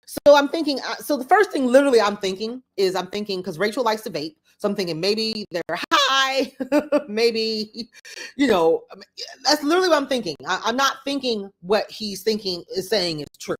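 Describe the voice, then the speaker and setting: A woman's voice: on the high side, animated, moderate pace. A middle-aged woman hosting a podcast, telling a personal story in a conversational way, often repeating herself and acting out what others said. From Florida. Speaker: podcast host.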